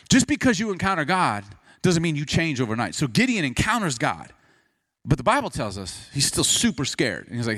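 A man preaching a sermon as pastor, animated and humorous, telling a story in a conversational way. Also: mid-range voice, fairly quick.

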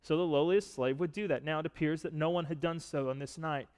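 Man, pastor, sermon, vivid storytelling, emphatic, slightly high voice, long hall reverb. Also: a little fast. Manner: storytelling, asks listeners to picture the scene; builds to loud, emphatic preaching.

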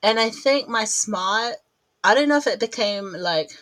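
A woman's voice: on the high side, animated, normal speed, a bit bright, dry recording, rough recording. Chatty, slightly breathless woman podcaster. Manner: chatty, rambling, laughs at herself. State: a little out of breath. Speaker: podcast host. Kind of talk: casual chat.

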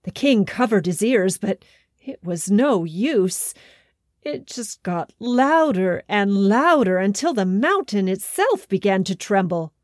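A woman telling a children's storybook tale with gentle, expressive narration and folksy asides. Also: mid-range voice, slow pace, no room sound, studio quality.

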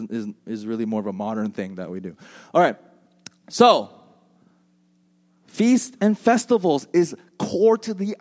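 A man preaching a sermon as pastor, animated and joking in a conversational way. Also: high voice. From United States.

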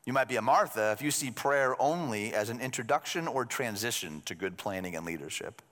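A man's voice: medium pitch, animated, a little fast, a bit bright. A male pastor preaching a sermon in a conversational way, with joking asides to the congregation. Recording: long hall reverb.

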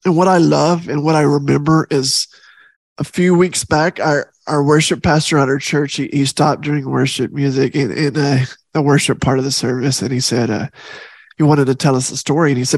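A man's voice: on the high side, fairly even intonation, moderate pace, dry recording. A middle-aged man hosting a faith podcast, speaking earnestly and from the heart, repeating key phrases for emphasis. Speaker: podcast host.

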